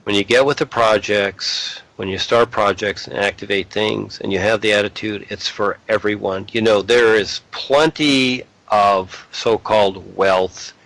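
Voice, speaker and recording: A man's voice: on the low side, creaky, a bit bright, rough recording. A man giving a blunt, lecturing talk on spiritual matters. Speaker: spiritual speaker.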